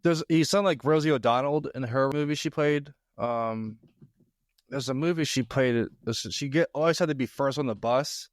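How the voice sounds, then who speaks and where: A man's voice: medium pitch, normal speed, no echo, clean studio sound. A man co-hosting a podcast, chiming in plainly during casual banter. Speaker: podcast co-host.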